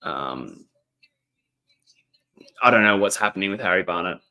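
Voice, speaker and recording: A young Australian man with a low, expressive voice that's pushed and bright speaks a little slowly while hosting a casual footy livestream from a laptop indoors. He commentates on a match, chats with viewers, reads chat messages aloud and rambles with lots of ums.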